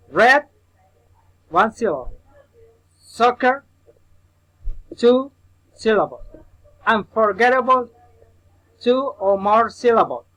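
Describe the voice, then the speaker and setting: High-voiced slow man teaching English. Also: sharp tone, poor audio. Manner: slow, repetitive drilling of example words; addresses the listener as his student. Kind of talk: recorded pronunciation lesson.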